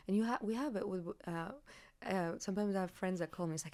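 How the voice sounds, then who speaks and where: A woman hosting a podcast, talking earnestly and expressively in a reflective conversation, getting animated when she makes a point. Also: mid-range voice, fast talker. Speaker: podcast host.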